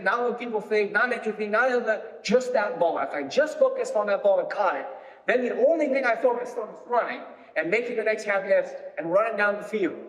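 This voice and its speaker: A man with a notably high voice delivers a motivational keynote as a football recruiting coach. He tells personal stories that build to emphatic punchlines. His voice carries a long, roomy reverb from a large hall, picked up by a stage microphone. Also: fairly bright tone. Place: large hall before a live audience.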